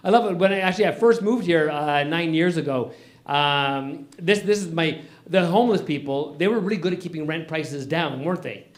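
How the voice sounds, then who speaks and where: A man performs a crude, rambling stand-up set at a small comedy venue. His voice sits high and he trips over his words, doubling back mid-sentence. The delivery is loose and unpolished. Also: moderate pace. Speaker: open mic comedian.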